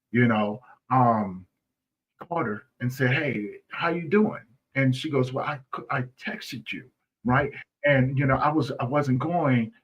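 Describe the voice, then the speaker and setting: A man's voice: mid-range voice, a bit bright, husky, lo-fi sound. A man speaking as a guest in a conversational interview, earnest, often asking "right?" and restarting his phrases.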